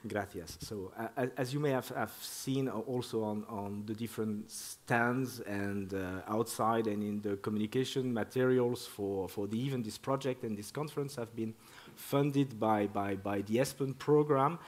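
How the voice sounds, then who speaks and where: A man's voice: on the low side, normal speed, few pauses, darkish tone. Stumbling man presenting at a conference. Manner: stumbling, repeats words in restarts. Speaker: project director presenting.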